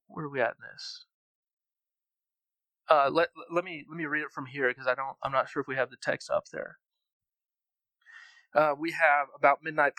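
A man's voice: fairly high pitch, fairly bright tone, no room sound, poor audio. A man preaching a sermon in a conversational way, reading scripture and adding casual asides. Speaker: pastor.

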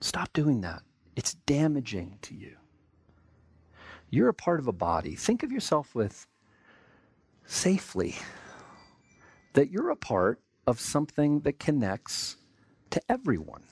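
Lively American man preaching. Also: mid-range voice, measured pace, pauses often, husky, dry recording. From United States. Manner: conversational, acts out everyday voices in quotes. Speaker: pastor. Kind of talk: sermon.

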